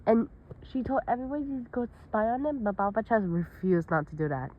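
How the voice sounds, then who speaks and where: A woman's voice: a little high, animated, a little fast, phone-quality sound. A woman telling an improvised story in a casual, rambling way, with run-on sentences and restarts.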